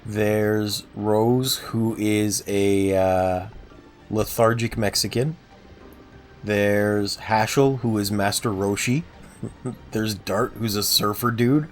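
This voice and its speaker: A man's voice: fairly low pitch, fairly even intonation, slow pace, faint music behind. A man casually chatting on a game livestream, self-deprecating and answering viewers' chat. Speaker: game streamer.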